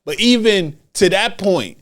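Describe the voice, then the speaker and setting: A man hosting a solo wrestling commentary podcast, talking in an animated way and repeating phrases for emphasis. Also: sits high, measured pace. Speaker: podcast host.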